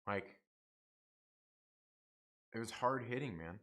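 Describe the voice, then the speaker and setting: A young man hosting a casual livestream review, excitable, repeating himself and swearing often. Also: a little high, unhurried, pauses often. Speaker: YouTube show host reviewing TV episodes.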